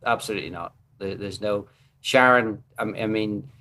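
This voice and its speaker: Low-voiced Northern Irish man telling stories. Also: normal speed, a little hiss or hum. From Northern Ireland. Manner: animated storyteller who acts out quotes. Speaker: guest. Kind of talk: casual storytelling chat.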